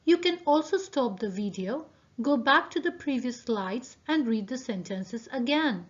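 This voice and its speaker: A woman teacher giving a recorded video lesson, speaking deliberately and addressing her students directly. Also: a little high, expressive. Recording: dull lo-fi video audio.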